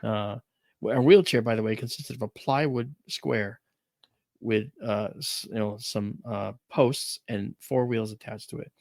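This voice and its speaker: A man's voice: lowish voice, a little slow, creaky, darkish tone, dry recording, clean studio sound. A man hosting a talk show, chatting casually and telling rambling, emphatic stories. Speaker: radio show host. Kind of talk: casual storytelling chat.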